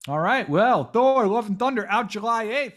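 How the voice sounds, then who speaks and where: A man's voice: high-pitched, lively intonation, normal speed, fairly bright tone. A man hosting a casual pop-culture podcast, talking enthusiastically with lots of restarts and self-corrections. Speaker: podcast host, editor-in-chief.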